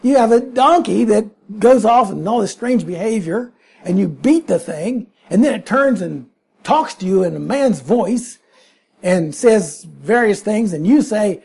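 A man's voice: high voice, expressive, unhurried, gravelly, darkish tone, husky. A man preaching a sermon, emphatic and full of rhetorical questions.

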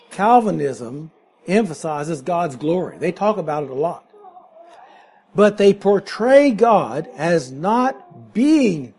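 A man's voice: sits high, a little mellow. A man teaching a Bible class verse by verse, explaining Greek words and asking his listeners questions.

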